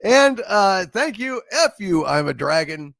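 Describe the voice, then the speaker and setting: A man hosting a live-streamed show, reading viewer super chats in a rambling, chuckling way with drawn-out fillers. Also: sits high, very animated, vocal fry, fairly bright tone, no echo, studio quality.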